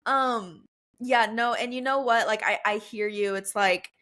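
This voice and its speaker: A woman's voice: a little high, a little slow, fairly bright tone. A young woman hosting a podcast, chatting casually and supportively, laughing often and calling her guest "girl.". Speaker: podcast host. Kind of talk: casual interview chat.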